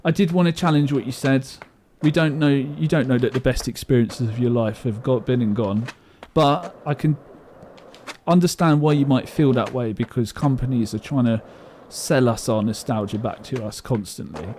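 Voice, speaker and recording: Rambling, mellow-voiced male streamer. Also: medium pitch, normal speed, a little hiss or hum. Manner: rambling, self-mocking, chatty. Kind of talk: casual live-stream chat while gaming.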